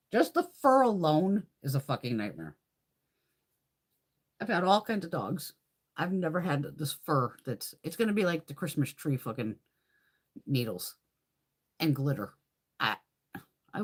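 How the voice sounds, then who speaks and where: Middle-aged woman, husky and lower-pitched, swears freely while telling lively stories on a live chat. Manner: profane, storytelling, laughs often. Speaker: beauty vlogger hosting a live chat. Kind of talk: casual live-stream chat.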